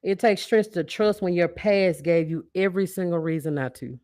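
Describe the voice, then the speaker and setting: A woman's voice: on the low side, normal speed, darkish tone, no echo, studio quality. A woman hosting a podcast, giving a preachy, motivational monologue with call-and-response lines and frequent laughs. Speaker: podcast host.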